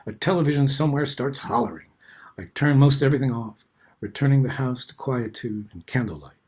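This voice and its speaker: Husky older man reading reflective essays. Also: medium pitch, a little mellow. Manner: reflective, unhurried literary reading. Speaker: host reading his own essays. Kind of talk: reading personal essay aloud.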